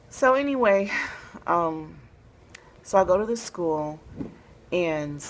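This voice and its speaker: A woman from Memphis, Tennessee, with a notably low-pitched voice tells a personal story straight to camera. She talks in a relaxed, soft-spoken way and often pauses on fillers. A faint hum of noise sits underneath her voice. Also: low-quality recording. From Memphis, Tennessee, USA. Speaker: vlogger telling a personal story.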